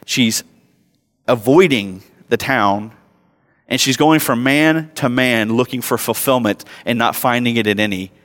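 Man, thirties, pastor, joking conversational sermon, mid-pitched voice, long hall reverb. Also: unhurried. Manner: conversational and self-mocking, rising loud for acted moments. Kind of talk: sermon with personal stories. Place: church sanctuary.

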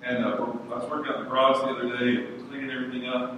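A man's voice: medium pitch, rapid-fire. A middle-aged man and pastor preaching a sermon in a church hall, telling stories and acting out the voices of others. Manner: animated storytelling, acting out voices. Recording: echoey hall from far off, noisy.

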